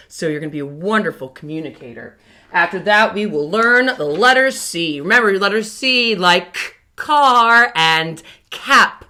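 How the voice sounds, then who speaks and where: A cheerful woman kindergarten teacher talks her class through the day's plan. Her voice bounces in a sing-song way, and she drags out key words slowly and clearly for small children. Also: mid-range voice, a bit bright. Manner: upbeat, sing-song, slow and emphatic for children. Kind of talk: morning message lesson to young children.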